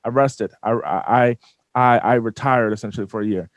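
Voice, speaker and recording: A man telling a personal story as an interview guest, animated and often repeating and restarting his words. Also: mid-range voice, moderate pace, no room sound. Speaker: business owner guest. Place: studio.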